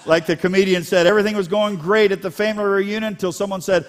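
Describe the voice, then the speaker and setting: A man's voice: sits high, quick pace, hardly any pauses. Man preaching in a reverberant hall. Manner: animated, joking with the congregation. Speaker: pastor. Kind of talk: sermon.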